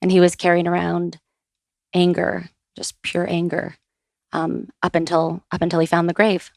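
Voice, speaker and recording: Podcast guest: woman, 30s, lowish gravelly voice, dry close sound, easygoing storyteller. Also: no echo. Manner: relaxed, many "um" pauses, lively retelling. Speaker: guest, author. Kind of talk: conversational storytelling.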